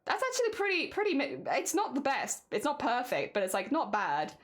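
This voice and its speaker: A woman's voice: high voice, huge pitch swings, a little fast. A woman streamer chatting casually and giggling as she talks to her viewers. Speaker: craft streamer. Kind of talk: casual live-stream chat. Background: music playing.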